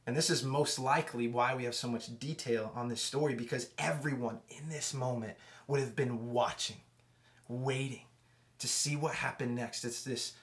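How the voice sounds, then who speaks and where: Conversational man telling a youth sermon story. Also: medium pitch. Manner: conversational, many restarts, drops to hushed tones for emotional moments. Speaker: youth pastor.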